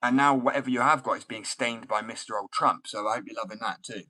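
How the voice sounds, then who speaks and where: A man from Germany fires back at his viewers in a blunt, mocking rant. His voice is bright and forceful, and he pushes each jab hard, cutting in with sharp put-downs and scoffing asides. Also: medium pitch, quick pace, poor audio. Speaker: skateboard artist streaming. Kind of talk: ranting reply to viewer comments.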